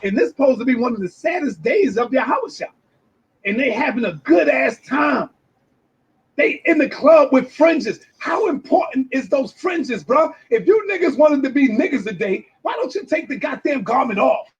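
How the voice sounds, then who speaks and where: A man in a brash, swearing reaction rant with loud outbursts, heard through dull lo-fi clip audio. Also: very high voice, big pitch swings, normal speed, husky. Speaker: commentator reacting to a video.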